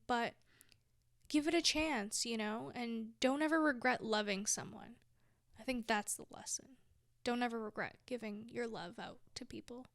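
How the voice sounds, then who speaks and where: A woman in her twenties giving heartfelt, emphatic life advice as a vlogger, dropping now and then into soft whispered asides. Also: on the high side, vocal fry, no echo, clean studio sound. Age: 20s. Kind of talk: heartfelt motivational talk.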